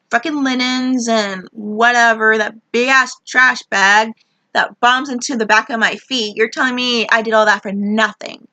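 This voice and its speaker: A woman's voice: fairly high pitch, fairly even intonation, measured pace, vocal fry, pushed and bright, no echo. A young woman telling a frustrated, rambling story about her job, swearing a lot as she vents. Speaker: vlogger. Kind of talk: ranting personal story.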